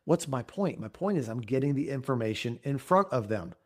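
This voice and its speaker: A man giving an energetic coaching talk at a business training. He acts out sample scripts and keeps checking in with "right?" and "okay?". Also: mid-range voice, brisk.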